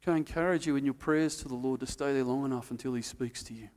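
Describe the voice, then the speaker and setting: A man's voice: mid-range voice, quick pace. Preacher man in a reverberant hall. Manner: storytelling with acted-out quotes, dropping to quiet emphasis. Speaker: pastor. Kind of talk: sermon.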